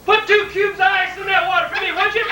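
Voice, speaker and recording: A man's voice: extremely high pitch, moderate pace, pushed and bright, reverberant, distant mic, slight background noise, voice pushed up, heavily acted. A man putting on his fretful, overheated father calling out from bed. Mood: pleading. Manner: plaintive, calling out repeatedly. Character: hot, fretful big farm father in bed.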